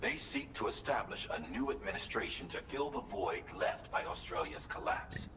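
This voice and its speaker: A man's voice: lowish voice, expressive, background noise, natural voice. A man voicing a formal game briefing officer, echoey and distant. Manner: measured, formal briefing delivery. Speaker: game character giving a mission briefing.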